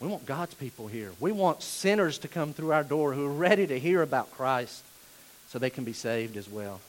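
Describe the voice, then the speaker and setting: A man preaching a sermon as pastor, animated and at times shouting. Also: mid-range voice, normal speed.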